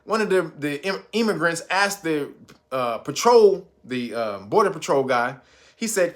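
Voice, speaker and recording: A man hosting a live stream, talking in a casual, profane, animated way with laughing asides. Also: a little high, normal speed.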